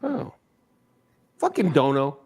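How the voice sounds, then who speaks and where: A man in a casual live-stream chat, joking and swearing freely and teasing the others with quick questions. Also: fairly high pitch, wildly swooping pitch, a crowd in the background.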